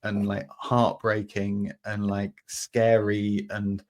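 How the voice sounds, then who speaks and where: A man hosting a podcast, talking through an idea in a relaxed, meandering way, with lots of fillers and restarts and homely everyday examples. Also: fairly low pitch, slow. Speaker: podcast host. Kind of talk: reflective conversational explanation.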